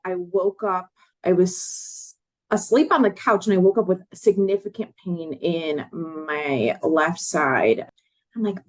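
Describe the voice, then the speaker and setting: A woman's voice: medium pitch, darkish tone. A woman in her late twenties from Chicago, earnestly telling her own story as a guest and acting out the words of others. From Chicago, USA. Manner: earnest, acts out others' words in quoted voices. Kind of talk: personal storytelling in an interview.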